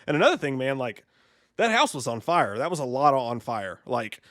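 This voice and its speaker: A man co-hosting a casual podcast chat, excitable and profane, full of fillers and restarts. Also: mid-range voice, normal speed, dry recording, clean studio sound. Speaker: podcast co-host.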